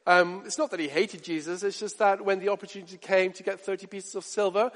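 A man preaching a sermon with passion, asking his listeners direct questions and swinging from loud to hushed. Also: high-pitched, fairly even intonation, quick pace, long reverb tail.

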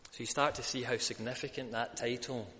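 A man preaching a sermon, building to loud, emphatic peaks when he quotes a crowd. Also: medium pitch, long reverb tail, slight background noise. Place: church.

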